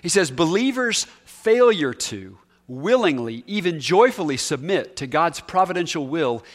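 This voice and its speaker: Emphatic male preacher, slightly high voice. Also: sing-song, unhurried. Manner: emphatic, repeats key words, shifts between loud and soft. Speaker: pastor. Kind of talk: sermon.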